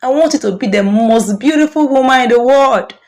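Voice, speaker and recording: A woman's voice: high-pitched, fairly quick, darkish tone, faint music behind, pitched above the performer's own voice. A woman voicing a jealous young woman who sweet-talks her friend while plotting against her. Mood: honeyed. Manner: honeyed, then sneering and spiteful.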